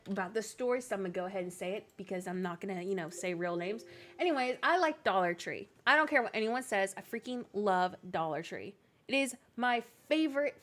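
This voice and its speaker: A young woman streaming a game, chatting casually and telling stories with lots of laughter. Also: mid-range voice. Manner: giggly, animated storytelling. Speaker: streamer and co-host. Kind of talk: casual chat while gaming.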